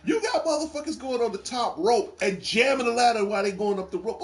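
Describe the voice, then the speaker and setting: A man's voice: extremely high pitch, a little fast, slight background noise. A man hosting a casual gaming chat, telling wrestling game stories with lots of laughing and swearing. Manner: animated storytelling, laughing, swearing freely. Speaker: gaming show host.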